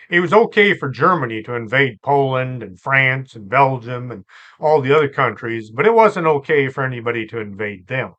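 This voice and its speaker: A man's voice: mid-range voice, moderate pace, lo-fi sound. Chatty man telling strange stories. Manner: relaxed and chatty, with asides and fillers. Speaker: host and storyteller. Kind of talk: conversational storytelling podcast.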